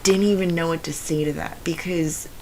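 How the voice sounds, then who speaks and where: A young adult woman with a low voice often taken for a man's, telling a personal story in a rambling way with many fillers and restarts. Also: fairly even intonation, normal speed, noisy background. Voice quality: low voice often heard as male. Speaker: video essayist.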